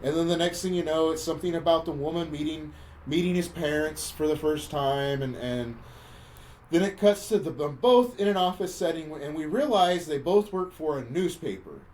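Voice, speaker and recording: Retelling a film's plot in a teasing, sardonic play-by-play, this male podcast co-host frequently stumbles and repeats himself in the casual chat. He speaks at a normal pace in a slightly high, somewhat mellow voice. The audio is low quality, with some hiss or hum.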